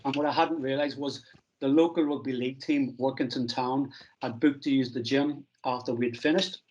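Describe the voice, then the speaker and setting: A middle-aged man from Northern Ireland, a strength coach telling stories from his career in a relaxed, self-deprecating interview. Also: mid-range voice, moderate pace, dull audio. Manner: anecdotal, self-deprecating, acts out quoted dialogue.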